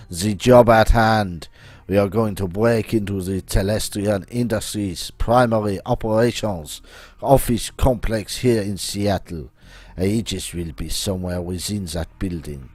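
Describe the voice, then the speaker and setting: A man doing a scheming male hacker with a heavy French accent and a low voice, grand and theatrical. He speaks of himself in the third person. The voice is dry and close, with no room sound. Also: measured pace, darkish tone, no room sound. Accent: French (put on).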